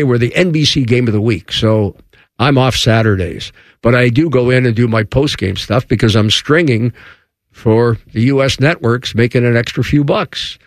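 A man's voice: no room sound, clean studio sound. A man, a former baseball broadcaster, telling an anecdote and acting out the voices of the people in it. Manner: acts out quotes with raised pitch. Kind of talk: animated storytelling.

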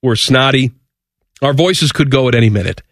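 A man's voice: mid-range voice, moderate pace, a bit bright, dry recording, clean studio sound. A man hosting sports radio with a cold, playful and upbeat. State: has a cold. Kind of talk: casual sports talk radio banter. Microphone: studio mic.

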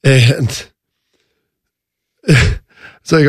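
A man's voice: mid-range voice, slow, pauses often, no echo, clean studio sound. A man in his thirties co-hosting a sports radio show, telling a story in casual chat and acting out the quotes. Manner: animated storyteller, acts out quotes. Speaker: radio co-host. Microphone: studio microphone.

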